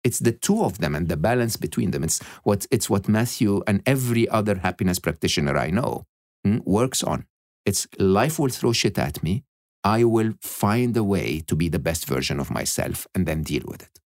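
A man talking as a podcast guest, animated and emphatic, often checking in with "okay?" and "hmm?". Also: low-pitched, moderate pace, dry recording, clean studio sound. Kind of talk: reflective interview talk.

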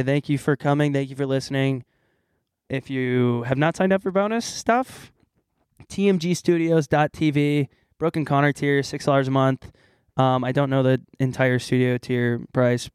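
A man's voice: mid-range voice, darkish tone, smooth, no echo. Young man, podcast co-host, casual joking chat, dry close mic. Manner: jokey, playful mock meditation.

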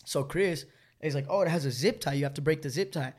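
A young man, a storyteller guest, tells a long story in slangy, rambling casual chat and laughs often. His voice is a little high and a little mellow, and he talks fast.

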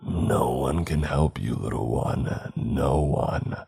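Horror storybook: a man doing a cruel pale spirit, very deep, dark and raspy, sneering slowly. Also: soft background music, exaggerated voice. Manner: slow, low and menacing. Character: pale ancient female graveyard spirit, cruel and mocking.

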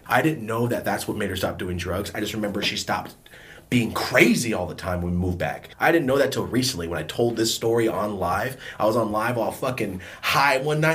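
A young man from California telling a casual, profane storytime, animated and acting out voices. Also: lowish voice. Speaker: vlogger.

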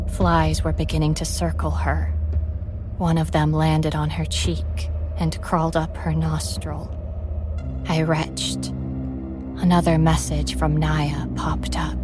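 A woman narrating a first-person horror story in a measured, grave way. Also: low voice. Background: music.

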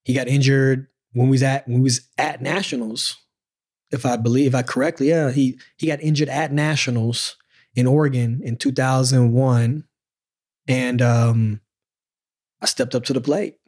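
A man in his forties, a former sprinter, telling his story in a casual podcast chat, slangy and animated, acting out the moments. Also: mid-range voice, normal speed.

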